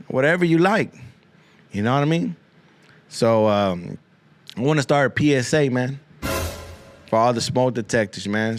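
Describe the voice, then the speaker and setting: Here a podcast host delivers a comedic monologue, a rambling and profane riff sprinkled with Spanish slang amid the English. He has a mid-range voice, recorded with no room sound.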